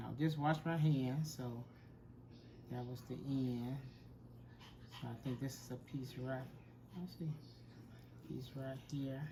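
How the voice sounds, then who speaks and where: A man's voice: on the high side, slight background noise. Folksy man cooking. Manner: chatty and folksy, talks while working. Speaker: home cooking show host. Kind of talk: casual cooking demonstration.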